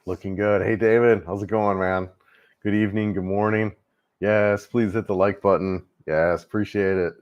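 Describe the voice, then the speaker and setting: Easygoing guy, deep low voice, rambling travel livestream chat, lots of ums. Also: fairly even intonation, moderate pace, muffled recording. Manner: rambling, easygoing, many fillers and restarts. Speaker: travel vlogger hosting a livestream.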